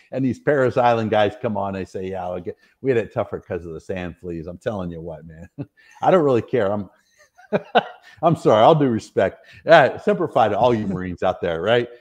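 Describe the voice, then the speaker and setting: A middle-aged American man with a fairly low voice tells his service stories as a podcast guest. He rambles earnestly and laughs often. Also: expressive, moderate pace, darkish tone. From United States. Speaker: podcast guest, retired soldier. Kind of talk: casual interview storytelling.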